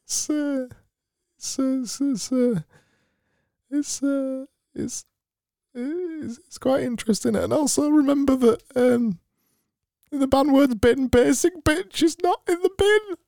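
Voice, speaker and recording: A man voicing a forced-cheerful grinning man in a strained falsetto, as if smiling too hard. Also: takes it slowly, creaky, darkish tone, dry recording, clean studio sound, full character voice.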